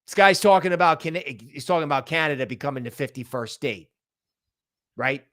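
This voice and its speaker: A man hosting a crypto livestream, talking in an animated, emphatic way, firing off rhetorical questions and tagging lines with "right?". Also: fairly high pitch. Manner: rapid-fire rhetorical questions. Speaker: crypto channel host. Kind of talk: livestream commentary.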